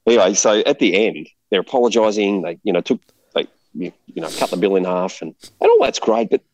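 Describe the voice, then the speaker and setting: A man casually telling a rambling, animated travel story, laughing often. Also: sits low, brisk, no echo, low-quality recording.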